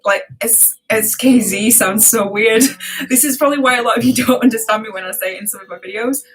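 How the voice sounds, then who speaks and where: A British woman hosting a casual chat with her viewers, chatty and quick to laugh at herself. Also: fairly high pitch, a bit bright, poor audio. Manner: chatty, laughs often, self-deprecating. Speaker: reaction channel host.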